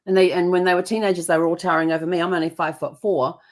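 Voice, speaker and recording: A woman's voice: fairly low pitch, little pitch movement, rapid-fire. A middle-aged woman hosting an online show, telling stories in casual chat with frequent fillers and laughs. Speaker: show host.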